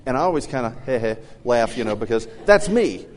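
A middle-aged man co-hosting a casual parenting talk, telling animated stories and acting out the people he quotes. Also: brisk, in a large hall, slight background noise. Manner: animated storyteller, acts out quotes with big pitch jumps. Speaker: co-host.

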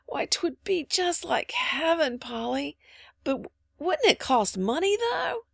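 A woman voicing a small, wistful little boy who speaks slowly and hesitantly in a storybook reading. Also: sits high, sing-song, gravelly, no echo, studio quality, pitched above the performer's own voice, heavily acted. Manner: slow, sighing, hesitant.

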